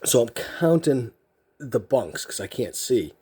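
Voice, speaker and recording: A man's voice: medium pitch, big pitch swings, slow, warm tone, husky. A man telling a story casually as a card video host, rambling with lots of fillers and restarts.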